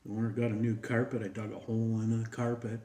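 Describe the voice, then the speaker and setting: A man's voice: lowish voice, completely flat delivery, fast, dark tone, lightly acted. A man voicing a restless male dog in a told joke who digs everything up, matter-of-fact and confessing. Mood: resigned. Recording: roomy echo.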